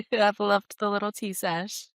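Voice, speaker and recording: A woman's voice: medium pitch, steady tone, measured pace, gravelly, dry recording, clean studio sound. A woman guest on a casual podcast, a fellow wedding planner giving brief, agreeable replies.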